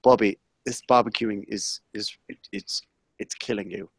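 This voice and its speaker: A man putting on a hushed, earnest celebrity chef who pleads in a low, halting murmur. The sound is dry and close, with no room around it. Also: fairly even intonation, slightly rough, no echo. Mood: pleading.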